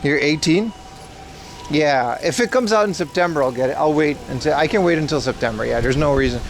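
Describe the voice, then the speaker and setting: A man's voice: a little high, a little fast, a little hiss or hum. A man hosting a casual outdoor livestream, joking and answering chat questions aloud as he walks city streets. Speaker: livestream host.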